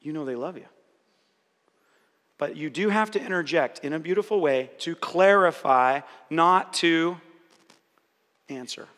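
Man, high bright voice, animated preacher, acts out quotes, echoing hall. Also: measured pace, long pauses. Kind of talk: sermon-style teaching. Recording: reverberant hall.

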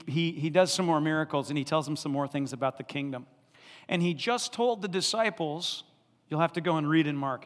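A male pastor preaching an animated sermon, laughing often and acting out the people in the story. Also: fairly high pitch, long reverb tail.

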